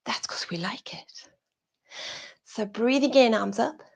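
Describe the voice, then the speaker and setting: Yoga teacher, british woman, slow and husky, gravelly edge, gentle breathy cues on a video call. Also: a little high. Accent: British English. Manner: soft-spoken breathy cueing, often whispered. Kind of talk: guided yoga class over video call.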